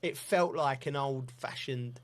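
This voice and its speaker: A man, a football pundit and co-host telling stories in lively casual chat, laughing often and acting out exchanges. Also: mid-range voice, unhurried. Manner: animated storyteller, laughs often, acts out exchanges.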